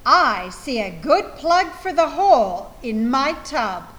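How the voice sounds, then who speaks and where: A woman voicing a fussy, tidy farm woman who exclaims in a drawn-out singsong. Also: high-pitched, big pitch swings, a bit bright, full character voice. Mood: scolding, pleased.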